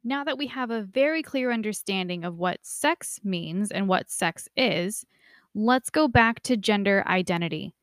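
A young woman giving a casual lecture, conversational and lively when she imitates relatives. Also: mid-range voice, no room sound, clean studio sound. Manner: conversational, animated quoting of family voices. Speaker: instructor.

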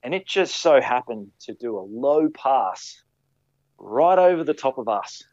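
A ski patroller, recounting rescues in a halting way with many fillers and restarts. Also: male voice, mid-range voice, expressive, darkish tone, dry recording, muffled recording. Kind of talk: conversational storytelling.

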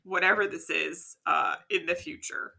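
A woman's voice: fairly low pitch, steady tone, normal speed, gravelly, bright, forceful tone. A woman co-hosting a casual podcast, making dry, wry remarks. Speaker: podcast co-host.

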